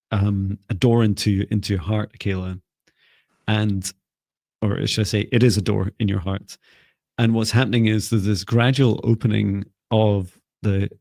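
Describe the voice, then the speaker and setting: A man co-hosting a live stream, giving gentle, meandering psychic readings with many fillers. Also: on the low side, gravelly, dry recording. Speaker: psychic reader, co-host.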